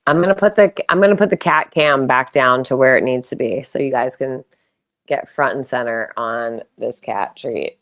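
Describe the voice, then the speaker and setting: A woman's voice: very deep voice, normal speed, a bit bright. A young woman live-streaming from home, chatting casually and playfully, often slipping into baby talk for her cats.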